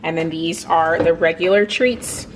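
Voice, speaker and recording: A woman's voice: measured pace, slight background noise. A young woman chatting casually to camera in a vlog about her dogs, talking about their care and routine. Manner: chatty, switches to high excited praise for the dogs. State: out of breath. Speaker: vlogger, dog owner.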